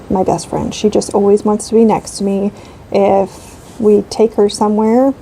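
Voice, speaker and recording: A woman's voice: medium pitch, gravelly, warm tone, a little hiss or hum, low-quality recording. A woman in her thirties chatting casually while she colors, rambling with frequent ums and likes. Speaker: craft channel host.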